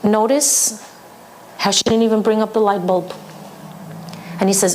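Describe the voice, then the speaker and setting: A woman's voice: medium pitch, steady tone, measured pace, darkish tone, slight background noise. A woman teacher giving a humorous lecture to women, telling stories and addressing the audience directly. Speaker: Torah teacher.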